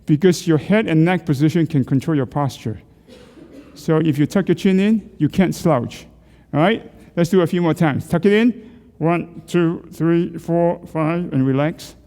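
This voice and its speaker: At a measured pace, a middle-aged man with a slightly high, mellow voice walks a group through neck exercises in a large church hall. Along the way he coaches, asks questions and shares jokes with the class.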